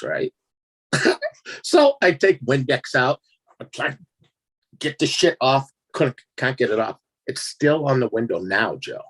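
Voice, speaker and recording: A man tells an eerie personal story in a casual interview, his voice rising and falling all over the place. The tone is a bit husky and rough. He laughs often and acts out his own reactions as he goes. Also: medium pitch, fairly bright tone. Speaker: guest storyteller.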